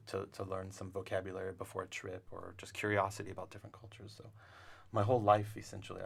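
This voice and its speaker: A man's voice: deep voice, vocal fry, husky. A man talking in a studio interview, thoughtful and searching for words, with frequent restarts. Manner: thoughtful, many restarts and fillers. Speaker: language instructor. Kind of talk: casual interview talk.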